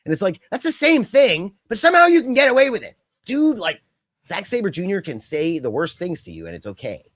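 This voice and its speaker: A young adult man co-hosting a casual podcast chat, rambling and animated, with lots of fillers and quick mock impressions. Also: high-pitched, no echo. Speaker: podcast co-host.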